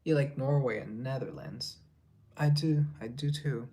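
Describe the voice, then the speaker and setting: A man's voice: mid-range voice, measured pace, warm tone. A man on a casual live stream, reading chat aloud and answering, now and then dropping into whispered asides.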